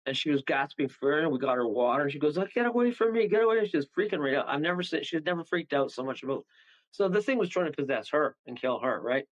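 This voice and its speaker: A man telling a story as a guest medium on a radio talk show, animated and rambling, acting out the voices of the people in it. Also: medium pitch, fast, rough recording. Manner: animated, rambling, acts out voices, chuckles often.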